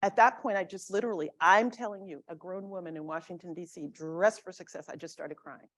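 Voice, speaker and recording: A middle-aged woman from the South Bronx giving a lecture as a guest speaker, telling a story in a lively, conversational way and acting out what others said. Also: on the low side, brisk. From South Bronx, New York. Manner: animated, conversational, acts out quoted speech.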